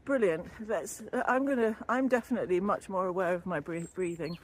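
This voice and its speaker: An older woman with a lowish voice talks a little fast while walking along a canal, slightly out of breath, rambling and laughing easily about wellbeing. She's a wellbeing vlogger and former yoga teacher trainee doing casual walking vlog talk. The audio comes from a built-in camera or phone mic and carries a little hiss or hum.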